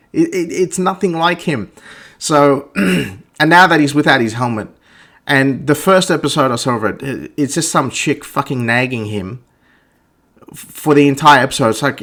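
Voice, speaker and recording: Profane ranting man, mid pitch. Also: a bit bright, slightly rough. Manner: profane, blunt, stammers and restarts. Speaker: gaming vlogger. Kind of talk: ranting game review monologue.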